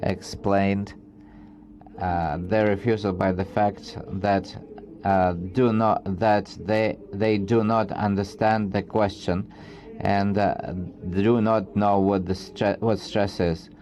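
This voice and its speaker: A man giving an academic research presentation, reading from slides in a halting way with frequent restarts. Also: lowish voice, little pitch movement, darkish tone, slight background noise.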